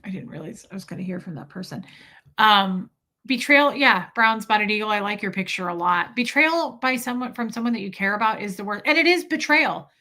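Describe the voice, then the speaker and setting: Bright, candid woman chatting on a livestream. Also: medium pitch, expressive, brisk. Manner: candid and emotional, laughing often, frank with swearing. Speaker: livestream host. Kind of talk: casual livestream chat reading comments.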